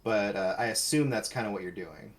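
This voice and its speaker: A man's voice: on the low side, brisk. A man co-hosting a casual live stream, offering technical editing tips and passing along viewers' chat messages. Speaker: stream co-host reading chat.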